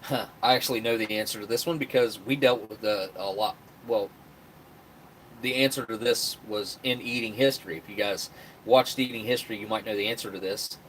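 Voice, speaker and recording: A man's voice: on the low side, steady tone, brisk, a bit bright, slight background noise. A man hosting a live stream, rambling chattily and reading out viewer comments. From West Virginia. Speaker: livestream host. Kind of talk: casual live-stream chat.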